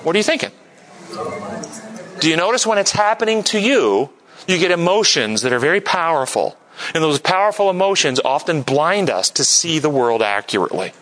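A man teaching a church group, asking lively questions and sometimes mimicking others in a high voice. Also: normal speed, poor audio. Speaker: church teacher leading a class discussion. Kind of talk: interactive sermon with audience questions.

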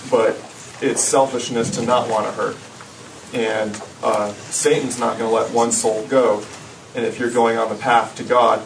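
A man in a Bible class sharing a personal view, sincere and measured, picked up from a distance. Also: mid-range voice, gravelly, slight background noise. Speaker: class member.

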